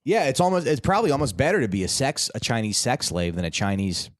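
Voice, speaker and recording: A man's voice: mid-range voice, sing-song, fast talker, dry recording, clean studio sound. A young man hosting a casual comedy podcast, joking around, laughing often and slipping into silly voices. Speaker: podcast host.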